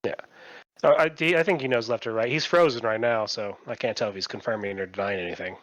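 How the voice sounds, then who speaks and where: A man narrating as dungeon master in an online tabletop game, halting and full of fillers. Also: lowish voice, fairly bright tone, dull audio.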